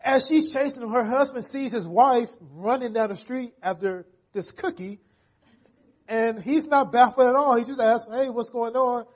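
Husky high-voiced man preaching conversationally. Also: normal speed. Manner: conversational, checks in with the congregation. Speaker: pastor. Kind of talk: sermon. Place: church.

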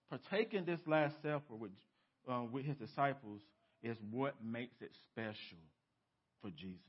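A man preaching a sermon as pastor, dropping to hushed lows and rising to emphatic peaks, with many rhetorical questions to the congregation. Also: animated, normal speed, breathy edge, highs cut off. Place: church sanctuary.

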